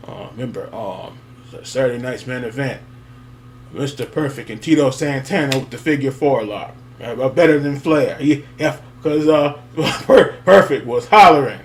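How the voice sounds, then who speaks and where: A man's voice: mid-range voice, normal speed. Man, casual rambling talk, lots of uh and um, chuckles often, faint hum behind. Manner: rambling, many fillers, laughs and chuckles. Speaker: wrestling fan vlogger. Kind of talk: casual nostalgic monologue.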